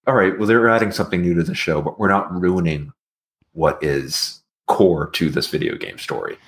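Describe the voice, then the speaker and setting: Ranting podcast co-host, exasperated and profane, wildly animated pitch. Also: normal speed. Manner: ranting, exasperated, heavy swearing. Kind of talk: casual podcast chat.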